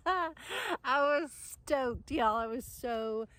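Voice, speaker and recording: A woman, chatty and excitable, telling a story to camera outdoors in the sun and laughing often. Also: high-pitched, extremely slow, no room sound. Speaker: vlogger.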